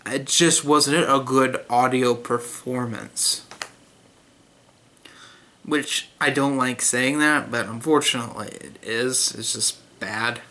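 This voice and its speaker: A man's voice: mid-range voice, fairly even intonation, takes it slowly, bright, forceful tone. A young man giving a blunt, critical spoken book review in a casual way, with many fillers and restarts.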